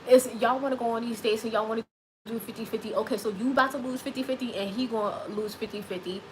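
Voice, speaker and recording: Sassy high-voiced woman chatting live. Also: fast talker, a little hiss or hum, rough recording. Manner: sassy, animated, repeats phrases for emphasis. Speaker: live stream host. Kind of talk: casual live chat reading comments.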